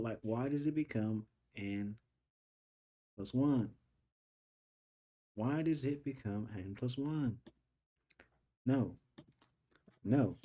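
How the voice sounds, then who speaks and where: A man's voice: medium pitch, warm tone. A young man studying calculus on a casual stream, thinking aloud and repeating his questions as he works through the problem.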